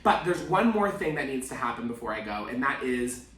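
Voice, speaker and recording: A man's voice: very animated, brisk, fairly bright tone. A young man telling a story in casual vlog style, dramatic and full of swearing, with acted-out quotes. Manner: dramatic, swearing, acts out quotes in high voices. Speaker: vlogger. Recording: echoey room with faint music.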